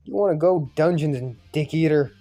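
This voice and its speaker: A man's voice: a little high, normal speed, warm tone, close to an everyday voice. A man voicing a brash, crude young man who picks fights, in a put-on Irish accent, over faint music. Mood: taunting. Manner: crude, mocking, swaggering. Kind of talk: fan visual novel voice acting.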